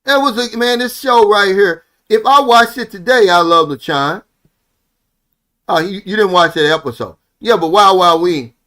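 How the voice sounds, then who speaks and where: A man's voice: high voice, moderate pace, sharp tone. A middle-aged man telling a heartfelt story in a rambling, casual monologue, ending many phrases with "man". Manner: heartfelt, earnest. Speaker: vlogger living abroad.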